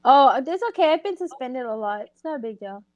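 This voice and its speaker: High, lively woman chatting. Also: brisk. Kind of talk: casual chat.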